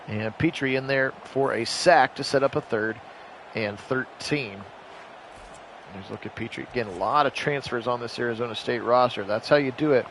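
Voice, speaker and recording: A man calls a simulated football game on his own as a video-game sim play-by-play host, his mid-range voice jumping up sharply and loud on big plays and chatting with viewers in the live chat in between. Slight background noise is audible.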